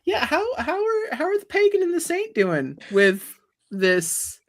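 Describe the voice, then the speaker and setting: A woman's voice: sits high, huge pitch swings, a little slow. A woman narrating as game master of a tabletop game, speaking hesitantly with many fillers.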